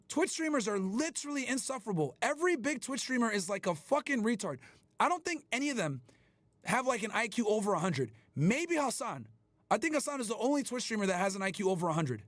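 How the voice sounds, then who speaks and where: A man hosting a livestream, ranting at his chat in a loud, profane, emphatic way. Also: high voice, no echo. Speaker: livestream host. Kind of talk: casual livestream rant.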